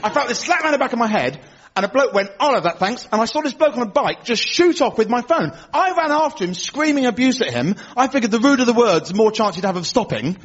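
A man's voice: very high-pitched, lively intonation, quick pace. A man performing a stand-up comedy routine, telling rambling stories with cheeky asides and bantering with his audience. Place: comedy venue with live audience. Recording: dull live radio recording with loud audience.

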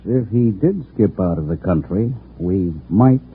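A hard, blunt crook in an old radio play. His voice is lowish and very raspy, and the broadcast sounds tinny and thin. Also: lively intonation, a little slow, heavily acted. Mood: grim. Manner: blunt, curt, grim. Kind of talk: 1940s radio drama acting.

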